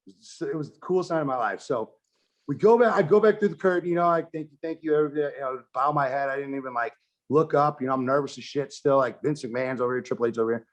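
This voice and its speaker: A man's voice: mid-range voice, quick pace, muffled recording. A man telling a story in a casual podcast chat, swearing freely and acting out what people said. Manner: animated, swears constantly, acts out quotes. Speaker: podcast guest, wrestler and filmmaker.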